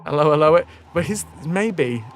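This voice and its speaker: A man's voice: on the high side, animated, moderate pace, slight background noise. A young man casually chatting and swearing as he streams a game, crude and self-mocking. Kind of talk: casual live gameplay commentary.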